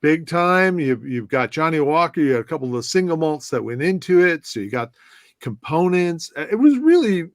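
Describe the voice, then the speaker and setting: A man's voice: on the high side, moderate pace, dry recording, studio quality. Chatty man from telling stories. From southwest side of Chicago, US. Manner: animated anecdotes with many restarts and fillers. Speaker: former whisky brand ambassador, guest. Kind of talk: casual conversational storytelling.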